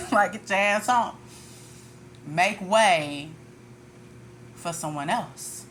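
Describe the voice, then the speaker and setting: A woman's voice: medium pitch, expressive, very slow, a bit bright, a little hiss or hum. A woman tarot reader ranting in a casual monologue, blunt and profane, with frequent laughter.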